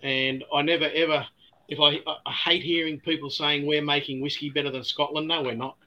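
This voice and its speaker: An older Australian man tells stories in an easygoing chat. His voice is bright and forceful and sits a little high. He laughs often and stumbles over repeated words. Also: level tone, brisk, dull audio. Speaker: guest distiller. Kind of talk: casual storytelling chat.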